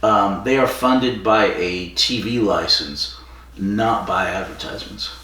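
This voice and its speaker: A man with a somewhat low voice chats casually as a podcast co-host, rambling through a recap with plenty of ums and acted-out quotes. He sits back from the mic, and the room rings with echo. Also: unhurried, bright, forceful tone. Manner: rambling retelling with fillers and quoted dialogue. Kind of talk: casual chat. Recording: echoey room from far off.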